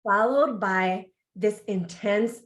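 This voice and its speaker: Animated woman guest telling a candid story. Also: mid-range voice, takes it slowly. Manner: animated, laughs often, acts out reactions. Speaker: podcast guest, embodiment coach.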